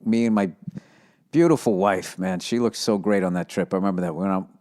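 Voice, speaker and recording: A man's voice: sits low, fairly quick, a little mellow. A man hosting his own podcast, rambling loosely and swearing as he tells stories. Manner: loose, profane, storytelling. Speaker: podcast host. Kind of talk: casual solo rambling.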